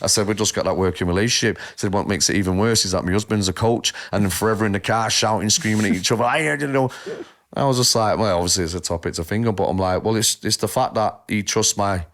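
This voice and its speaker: Pitched fairly low and moving quickly, a man co-hosting a podcast tells stories in loose conversation. He swears without restraint and acts out the lines people said, animated throughout.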